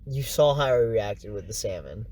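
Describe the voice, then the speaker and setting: A man's voice: lowish voice, animated, normal speed, a crowd in the background. A young man co-hosting a podcast, joking and playful in casual chat. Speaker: podcast co-host, food reviewer.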